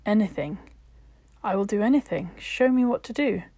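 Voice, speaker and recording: A woman voicing an anxious, earnest young man who pleads softly and urgently in a told story. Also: medium pitch, lively intonation, moderate pace, slightly rough, no room sound. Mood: pleading.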